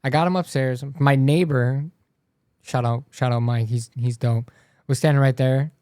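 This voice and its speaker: A man's voice: mid-range voice, steady tone, moderate pace, darkish tone, smooth, dry recording, studio quality. A young man, a podcast co-host, telling a story in a loose, profane, rambling way. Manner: loose, swears constantly, trails off and restarts.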